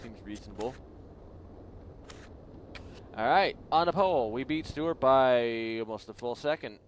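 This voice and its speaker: A man's voice: mid-range voice, expressive, unhurried, a little hiss or hum. A man hosting a gaming channel, giving casual, rambling gameplay commentary and laughing a lot.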